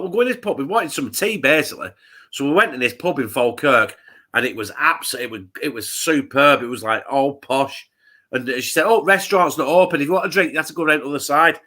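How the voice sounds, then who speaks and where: A man's voice: mid-range voice, sharp tone. A man from England co-hosting a live football watch-along, telling a sweary story in casual chat. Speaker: co-host.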